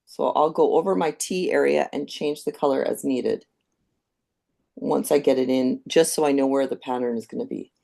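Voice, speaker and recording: A woman giving a live painting demonstration, calmly explaining each step as she thinks aloud. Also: a bass voice, moderate pace, creaky. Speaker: painting instructor.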